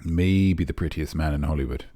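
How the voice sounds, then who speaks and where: Man, very low voice, pompous quiz host, rambling, mock-serious. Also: normal speed, warm tone. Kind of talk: comic live-stream quiz hosting.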